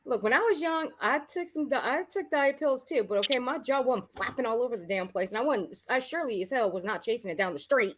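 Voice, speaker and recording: A gossipy woman chats on a live panel, her voice fairly high and swinging widely in pitch. She jumps between stories with lively emphasis. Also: quick pace, hardly any pauses, slight background noise. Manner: gossipy, mimics people she talks about. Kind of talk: casual live panel chat.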